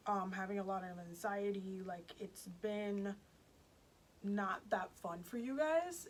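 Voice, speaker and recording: A woman's voice: medium pitch, takes it slowly, a little hiss or hum. A woman giving a casual, chatty tarot reading to her viewers, emphatic and repeating herself, with many fillers. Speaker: tarot reader.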